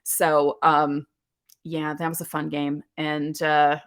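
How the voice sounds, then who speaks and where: Chatty woman with a lowish voice. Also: completely flat delivery, slow. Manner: chatty, nostalgic storytelling with asides. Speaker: podcast host. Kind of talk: casual solo podcast talk.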